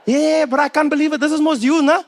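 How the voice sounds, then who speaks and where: Man doing a high-pitched excitable young fan, South African accent, loud, bossy, insistent, live comedy bit. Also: quick pace. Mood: starstruck. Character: pushy excitable young male fan in overalls.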